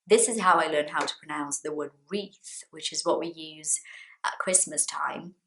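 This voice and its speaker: A woman's voice: low voice, sharp tone, poor audio. A woman in her thirties, a native Portuguese speaker, teaching English pronunciation in a casual monologue, repeating and drawing out example words. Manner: demonstrates words slowly and repeats them.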